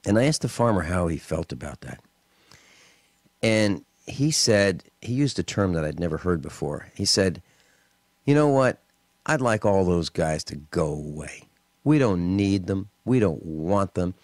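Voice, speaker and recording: A man hosting a talk radio show, telling stories and ranting in an indignant, animated way with mocking asides. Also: deep voice, measured pace, no echo.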